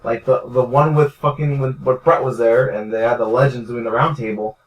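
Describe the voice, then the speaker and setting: A man's voice: medium pitch, steady tone, brisk, dull audio. Young man, podcast co-host, casual, laid-back, distant mic. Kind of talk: casual chat.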